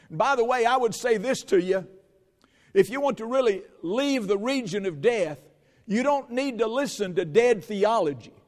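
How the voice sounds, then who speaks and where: High-voiced preacher in a reverberant hall. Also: male voice. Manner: storytelling with quoted dialogue. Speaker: pastor. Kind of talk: sermon.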